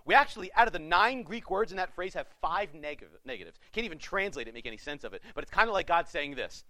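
A male pastor preaching a sermon with passion, swinging between loud urging and hushed pleading. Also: a little high, expressive, fast, hardly any pauses, dry recording.

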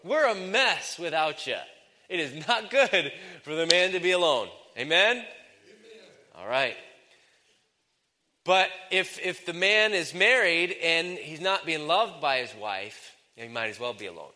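A male preacher with a bright, forceful tone delivers a lively sermon. He jokes with the congregation and swings his pitch and loudness widely for emphasis. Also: a little slow, long reverb tail. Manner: animated and joking, with wide swings in pitch and loudness.

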